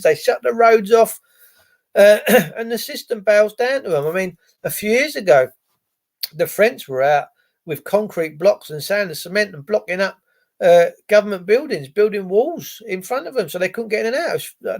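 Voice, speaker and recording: A man's voice: high-pitched, gravelly. A man hosting a live stream, ranting casually with heavy swearing and sarcasm, rambling between topics. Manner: profane, sarcastic, wandering. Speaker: live-stream host reading chat.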